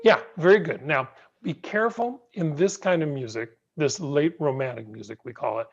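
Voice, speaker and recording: Sanfter Klavierlehrer, gedämpfter Videoanruf. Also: male voice, on the high side, normal speed, creaky. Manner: gentle, patient, encouraging. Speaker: piano teacher. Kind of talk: online piano masterclass. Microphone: video call. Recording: muffled video call audio.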